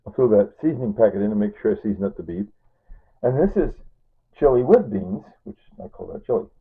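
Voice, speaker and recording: A man's voice: medium pitch, slightly rough. A middle-aged man from Kansas chatting casually in a home cooking vlog, rambling into asides and asking "right?" and "see?" as he goes. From Kansas, USA. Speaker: vlogger. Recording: tinny phone-like sound.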